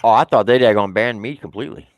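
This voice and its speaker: A man's voice: lowish voice, rapid-fire, dry recording. A man chatting as a guest on a live stream in a folksy, emphatic way. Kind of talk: casual live stream chat.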